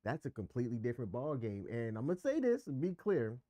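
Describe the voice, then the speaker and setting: A fast-talking co-host with a warm, mid-range, sing-song voice discusses relationships casually on a podcast. He's candid and emphatic, explaining his views at length, and the recording has no echo.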